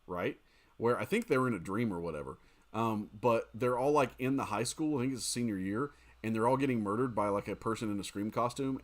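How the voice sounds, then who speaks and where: A man streaming a mobile game, chatting casually with his viewers and using lots of fillers like "dude" and "um". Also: mid-range voice. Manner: chatty and animated, talking to chat with fillers like "dude" and "um". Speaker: gaming streamer. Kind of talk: casual livestream chat while gaming.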